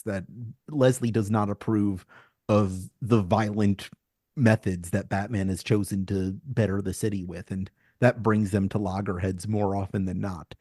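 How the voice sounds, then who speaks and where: A man's voice: lowish voice, mellow, dry recording, studio quality. A man co-hosting a podcast in casual chat, articulate and analytical, making tidy points. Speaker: podcast co-host.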